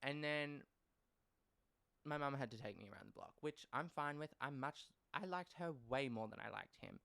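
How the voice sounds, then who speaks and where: A man's voice: mid-range voice, moderate pace, gravelly, pushed and bright, no room sound. A young man, hosting a casual storytelling podcast in a blunt, profane and rambling way. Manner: blunt and profane, swears freely; wry and rambling, trails off into asides. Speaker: podcast host.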